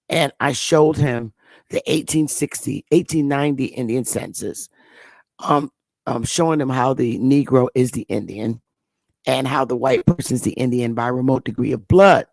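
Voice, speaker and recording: A woman's voice: very deep voice, moderate pace, gravelly, a little mellow, no room sound. A woman hosting her own channel, telling a rambling story in a casual monologue, often repeating and restarting words. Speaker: channel host.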